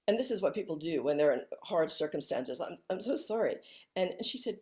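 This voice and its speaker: A woman speaking as a guest in an interview, talking softly and reflectively with many restarts, over a video call. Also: sits low, lively intonation. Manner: soft-spoken, halting, with frequent restarts.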